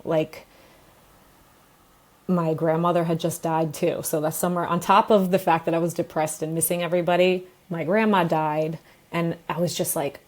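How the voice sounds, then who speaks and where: A woman's voice: fairly low pitch, moderate pace, darkish tone. A woman from New York, a guest on an interview, telling her story openly and emotionally and laughing often as she talks. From New York, USA. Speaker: guest, pelvic floor therapist.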